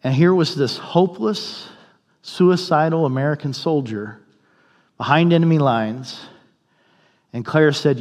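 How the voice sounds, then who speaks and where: A man's voice: a little high, a little slow, pauses often, darkish tone. A male pastor telling a story in a sermon, in a conversational way, and briefly voicing the people in it. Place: church sanctuary. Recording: long hall reverb.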